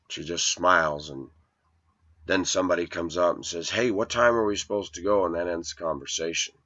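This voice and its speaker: A man's voice: low-pitched, fairly quick, fairly bright tone, muffled recording. A man in his forties telling a rambling personal story in an indignant, preachy way to his viewers. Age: 40s. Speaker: vlogger.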